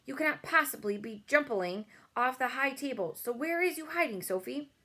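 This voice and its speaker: A woman's voice: high voice, expressive, moderate pace, pushed and bright, pitched above the performer's own voice, exaggerated voice. Woman putting on a kindly giant with mangled words. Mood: anxious. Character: gentle big male giant, odd grammar.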